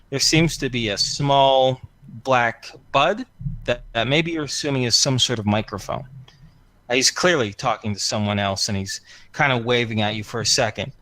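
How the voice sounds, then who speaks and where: A man's voice: mid-range voice, fairly bright tone, dry recording. A man narrating scenes as game master of a tabletop game, descriptive and full of fillers. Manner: descriptive, filler-heavy, unhurried.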